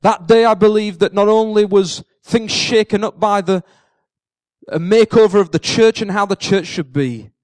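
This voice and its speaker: A man's voice: high voice, moderate pace, a little mellow, dry recording. A man preaching a sermon, retelling a story with energy, acting out the characters' words and repeating key phrases for emphasis. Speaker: pastor.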